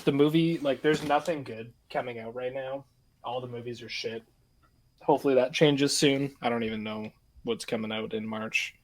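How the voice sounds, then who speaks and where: A young man, co-hosting a podcast in loose, profane casual chat and laughing often. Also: medium pitch. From Canada. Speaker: podcast co-host.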